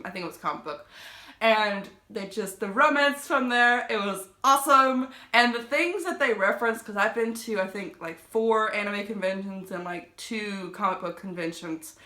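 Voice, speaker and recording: A young woman from the United States vlogging about her favorite books, gushing and excitable, rambling and correcting herself as she goes. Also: mid-range voice, echoey room. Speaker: book vlogger. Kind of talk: casual book review vlog.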